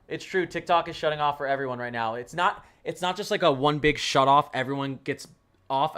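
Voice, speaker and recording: A man hosting a casual weather livestream, talking to his chat in an excitable, rambling way with lots of exclamations. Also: on the high side.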